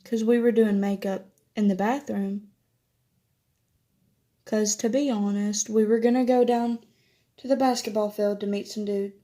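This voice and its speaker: A teenage vlogger does her makeup while chatting casually and telling stories, speaking a little slowly with long pauses. Her voice is mellow and steady, she laughs often, and she quotes others in a higher pitch.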